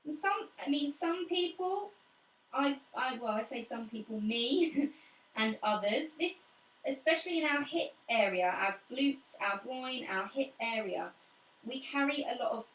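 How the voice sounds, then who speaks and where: A woman talks a class through slow stretches and breathing, her calm cues mixed with friendly asides. Her voice sits a little high. She is some way from the mic in a room with a noticeable echo. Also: far from the mic. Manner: calm, chatty guidance with soft cues. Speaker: pilates instructor. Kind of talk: guided pilates class. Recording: echoey room, away from the mic.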